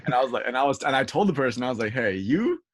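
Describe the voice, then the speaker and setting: A man co-hosting a casual interview, excitable and quick to laugh. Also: mid-range voice. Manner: excitable, animated, laughs often.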